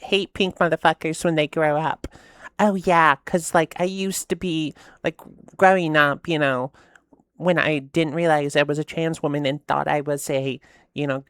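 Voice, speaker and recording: Low-voiced rambling woman vlogger. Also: smooth, no echo, clean studio sound. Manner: rambling, with frequent swearing and fillers. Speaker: host reacting to memes. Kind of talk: casual meme-reaction commentary.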